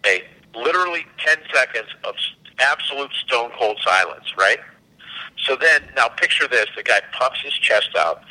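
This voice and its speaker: A man, a company CEO and podcast guest, telling animated anecdotes and acting out the dialogue. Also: medium pitch, moderate pace, low-quality recording. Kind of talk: casual storytelling.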